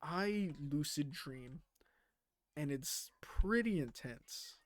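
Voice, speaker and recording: A man's voice: a little high, animated, slow pace, no echo. A man streaming a game and chatting casually, rambling with lots of fillers and casual swearing. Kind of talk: casual chat while playing a game.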